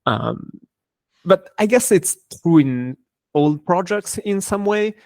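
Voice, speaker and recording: A man speaking as a guest in an interview, answering thoughtfully with frequent pauses and restarts. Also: high-pitched, expressive, darkish tone, no room sound. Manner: thoughtful, hesitant with many fillers and restarts. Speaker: cryptography engineer and guest.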